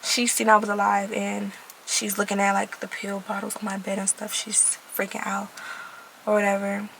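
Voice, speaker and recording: A woman's voice: mid-range voice, completely flat delivery, moderate pace, creaky, fairly bright tone, slight background noise, low-quality recording. A young woman earnestly telling her personal faith testimony to her viewers, stressing points by repeating them. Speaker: vlogger sharing her testimony. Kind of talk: personal faith testimony, casual talk to camera.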